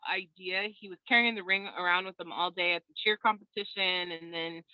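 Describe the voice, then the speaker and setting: A woman tells her story over a video call, animated and quick to laugh. The audio is a little dull and lo-fi, with a dry, close sound and no room around it. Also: on the low side, smooth, no room sound. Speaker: interview guest. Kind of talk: casual video call chat.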